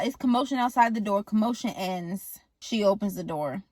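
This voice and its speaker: A woman's voice: a little high, a little fast, hardly any pauses, no room sound. A woman recapping a movie in a casual, slangy, jokey way, acting out the characters as she goes. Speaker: movie reviewer.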